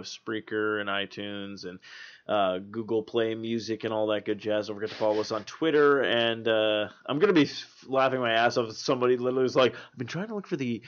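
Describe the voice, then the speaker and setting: A man's voice: fairly low pitch, clean tone. A man hosting a casual podcast, joking and laughing often as he chats with his co-host. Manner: giggly, joking, lively delivery. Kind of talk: casual chat. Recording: dull lo-fi podcast audio.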